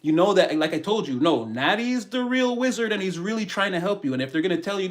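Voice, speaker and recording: Animated man on a tarot live stream. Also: high voice, fast talker, hardly any pauses. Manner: animated, preachy motivational talk, greets viewers by name. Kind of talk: casual live-stream chat.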